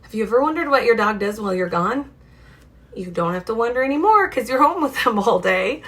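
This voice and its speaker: A woman's voice: on the high side, a little fast. Chatty young woman reading to kids. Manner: animated and chatty, asking the audience questions. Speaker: children's storytime host. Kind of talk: reading a picture book aloud to children. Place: home.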